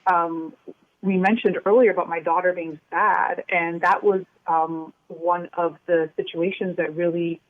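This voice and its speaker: A woman's voice: fairly low pitch, no echo. A woman co-author of a children's workbook, talking in an earnest, reflective way during a casual interview. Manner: earnest, reflective, acts out remembered dialogue. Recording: tinny phone line.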